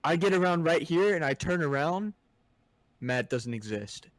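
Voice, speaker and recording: A man's voice: a little high, lively intonation, normal speed, no room sound. A man co-hosting a podcast, telling a story in casual chat, laughing and acting out his friends' lines. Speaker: podcast co-host.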